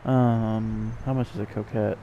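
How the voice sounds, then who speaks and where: Man, gravelly and mellow, rambling let's-play host, tired and self-mocking, faint noise behind. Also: fairly low pitch, level tone, unhurried, lo-fi sound. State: yawning, tired. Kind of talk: casual gameplay commentary.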